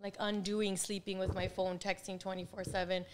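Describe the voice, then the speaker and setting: A woman's voice: medium pitch, level tone, normal speed, a little hiss or hum. A woman in her forties, a real estate coach, chatting as an interview guest and laughing often while she tells stories. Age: 40s. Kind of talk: casual interview chat.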